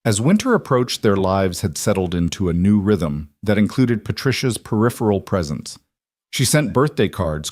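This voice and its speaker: A man narrating a scripted family story in an even, unhurried way. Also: on the low side, dry recording, studio quality.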